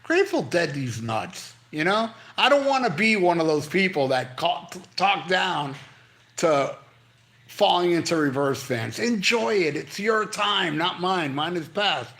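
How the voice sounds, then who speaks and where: Older dude on a livestream cussing and ranting, pitch all over the place. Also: male voice, unhurried. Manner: blunt, profane, animated ranting. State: on pain medication. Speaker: livestream host. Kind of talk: casual live chat reading comments.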